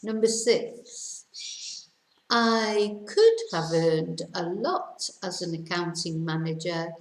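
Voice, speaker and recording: A British woman teaching English, reading quiz sentences aloud slowly and carefully with countdowns. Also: on the low side, reverberant, low-quality recording. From Britain. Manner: careful slow dictation with countdowns.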